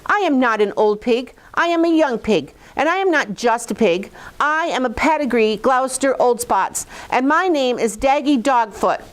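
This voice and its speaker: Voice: sits high, expressive, normal speed, hardly any pauses, pitched above the performer's own voice. A woman voicing a proud, indignant young male piglet in a storybook reading. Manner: indignant, insistent.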